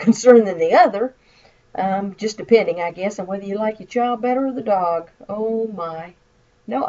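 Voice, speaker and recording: A woman's voice: medium pitch, darkish tone, muffled recording. A woman with a Southern American accent, a college instructor giving a recorded lecture over slides and explaining with acted example phrases. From Midwestern United States.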